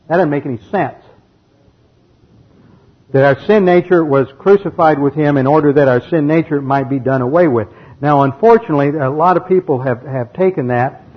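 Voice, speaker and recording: A man's voice: mid-range voice, breathy edge. A man teaching the Bible verse by verse, methodically explaining the grammar and reading passages aloud. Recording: dull lo-fi recording.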